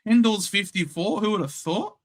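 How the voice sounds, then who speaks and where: With a voice that sits high and lively intonation at a moderate pace, a young Australian livestream host runs a relaxed sports watchalong. He trades cheeky banter with chat and calls out the scores.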